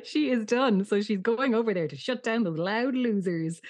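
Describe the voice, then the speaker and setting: A woman's voice: fairly high pitch, normal speed, darkish tone. A woman, co-hosting a podcast and chatting casually through a TV episode recap, laughing often and using "like" a lot. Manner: laughing often, lots of "like" fillers. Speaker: podcast co-host.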